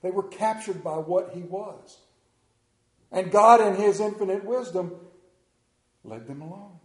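A man preaching a sermon in an emotional, halting way, often repeating his words as he gets carried away. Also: high voice, roomy sound.

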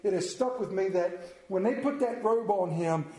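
A middle-aged man preaching a sermon, emotional and intense, moving between loud fervor and hushed reading. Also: sits high, moderate pace, reverberant.

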